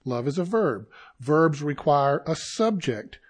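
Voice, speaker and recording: A man preaching a sermon to his congregation, slow and deliberate, with dramatic pauses and sudden rises in intensity. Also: a little high, very animated, a little mellow, breathy edge. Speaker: pastor.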